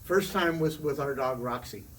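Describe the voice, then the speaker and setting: A middle-aged man, a former teacher, telling a long casual story to interviewers, chatty and animated, swearing now and then. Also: mid-range voice, moderate pace. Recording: distant mic with faint room noise.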